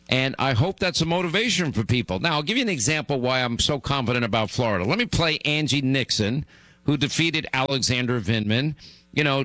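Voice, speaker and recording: A man's voice: mid-range voice, a bit bright, no echo. A middle-aged man hosting a talk radio show, delivering an emphatic monologue that gets worked up.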